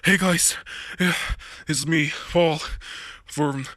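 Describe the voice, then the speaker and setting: A man's voice: on the high side, steady tone, takes it slowly, sharp tone, no echo, clean studio sound. A man playing a breathless weatherman in the heat. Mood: exhausted. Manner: breathless, panicking, screams at the end. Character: male radio weatherman overcome by deadly heat. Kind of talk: fictional emergency broadcast drama.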